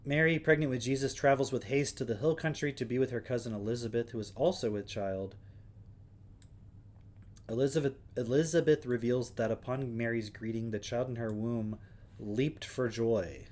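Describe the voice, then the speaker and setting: A man's voice: mid-range voice, normal speed, darkish tone. Wry man reading aloud on stream. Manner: wry, sarcastic asides between read passages. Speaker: livestream host. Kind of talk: casual livestream commentary, reading aloud.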